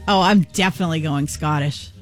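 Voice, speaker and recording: A woman's voice: low voice, a little fast, faint music behind. A woman hosting a radio morning show, chatting and running a fill-in-the-blank game. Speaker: radio host.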